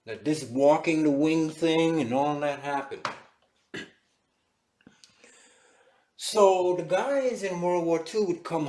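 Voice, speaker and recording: A man giving an animated, storytelling lecture to a class. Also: on the high side, slight background noise. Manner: animated, dramatic retelling. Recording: echoey room.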